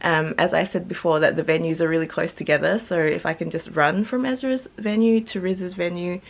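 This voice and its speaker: A woman's voice: lowish voice, a little fast, vocal fry. A young woman, chatting casually to camera in a vlog, full of ums and likes and laughing often. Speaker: vlogger.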